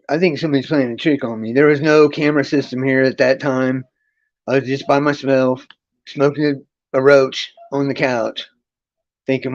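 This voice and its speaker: A man casually telling a personal spiritual story on a livestream, rambling with restarts and profanity, pausing to read and greet his chat. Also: mid-range voice, fairly even intonation, muffled recording. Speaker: livestream host. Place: his friend's home.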